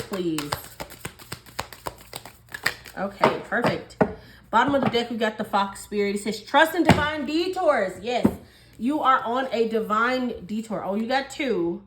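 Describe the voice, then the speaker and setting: A woman's voice: mid-range voice, background noise. A woman giving a casual tarot reading, chatty and musing, often laughing as she talks. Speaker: tarot reader.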